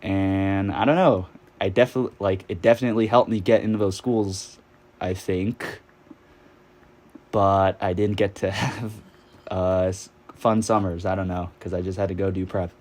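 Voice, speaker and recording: A man's voice: low-pitched, steady tone, a little slow, darkish tone. A man in his twenties from New York, telling a story in a rambling, casual way, full of fillers and swearing while he plays a game. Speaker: vlogger.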